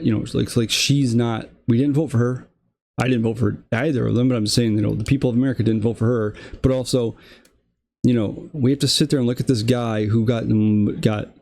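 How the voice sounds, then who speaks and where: A man's voice: medium pitch, mellow. A young man hosting a political commentary show, delivering a casual, exasperated rant full of fillers and restarts.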